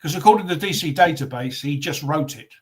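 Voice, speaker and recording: A man in a casual talk show, making quick, amused remarks. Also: fairly high pitch. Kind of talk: casual chat.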